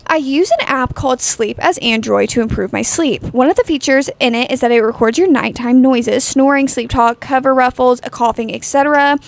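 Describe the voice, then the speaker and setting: Fast-talking young woman with a gravelly voice. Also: high voice. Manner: rambling, lots of "like" fillers. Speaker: podcast co-host. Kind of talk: casual chat, reading a story aloud.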